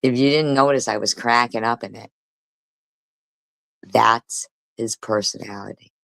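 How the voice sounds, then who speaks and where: A woman's voice: extremely low pitch, a little slow, creaky, fairly bright tone, no room sound. A woman live streamer ranting angrily and cursing often, repeating herself as she argues with critics. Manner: angry, profane, repetitive. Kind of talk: heated livestream rant.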